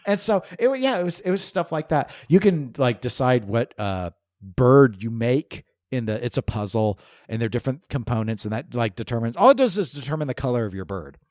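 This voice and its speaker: In a casual gaming podcast chat, a male co-host rambles animatedly and chuckles mid-sentence. His mid-range voice is brisk, and the clean studio recording has no echo.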